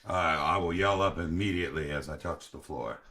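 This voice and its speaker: A man's voice: extremely low pitch, brisk, bright, forceful tone. A man playing a tabletop fantasy game, speaking with formal, old-fashioned phrasing in character. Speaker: player.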